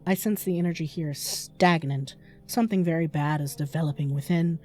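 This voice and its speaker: A woman's voice: sits low, fairly quick, darkish tone. A woman reading the lines of an eccentric astrologer woman in a horror game, speaking in solemn mystical pronouncements.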